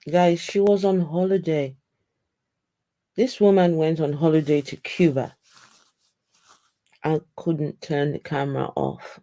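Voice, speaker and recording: A commentary host speaking to viewers in a measured, reflective way. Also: mid-range voice, fairly even intonation, dark tone. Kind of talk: casual commentary.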